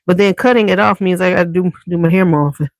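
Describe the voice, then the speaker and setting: A woman's voice: on the low side, quick pace, dry recording. A woman hosting a beauty channel in a casual livestream chat at home. She talks straight to viewers, swears freely, and wears a clip-on mic.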